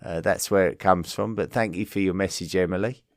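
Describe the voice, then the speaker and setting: Low-voiced Essex man, hesitant chat. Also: fairly even intonation, a little fast, no echo, clean studio sound. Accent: Essex English. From Essex, southeast England. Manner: hesitant, many ums and restarts. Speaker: podcast host. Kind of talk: casual listener-mail chat.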